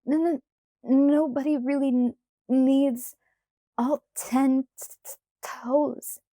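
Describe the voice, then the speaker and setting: Woman reading a shivering teen girl, high and stammering, for an audiobook. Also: steady tone, rapid-fire, sharp tone, dry recording, clean studio sound. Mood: shivering, pleading. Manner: stuttering through shivers. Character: freezing teenage girl, teeth chattering.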